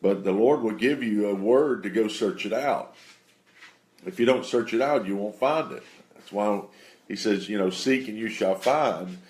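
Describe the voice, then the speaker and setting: Man telling a halting faith testimony. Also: on the low side, darkish tone. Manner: unhurried, halting storytelling with many fillers.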